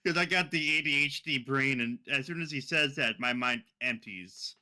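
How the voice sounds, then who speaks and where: A man's voice: medium pitch, normal speed, pushed and bright. A young man co-hosting a casual gaming podcast, laughing and swearing freely as he talks. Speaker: podcast co-host.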